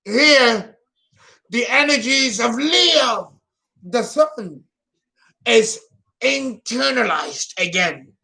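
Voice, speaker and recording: A man's voice: extremely high pitch, lively intonation, drawn-out words, vocal fry, long pauses, pushed and bright. A man hosting an astrology channel, talking casually and theatrically, often exclaiming and laughing at himself. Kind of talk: casual solo astrology talk.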